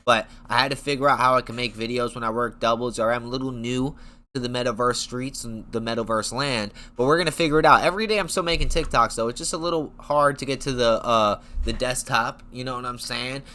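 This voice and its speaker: This young man talks fast in a bright, pushed voice of medium pitch, keeping a steady tone. He's an MMA commentary YouTuber running a casual fight-talk vlog about upcoming bouts, hyped up, profane, and rambling.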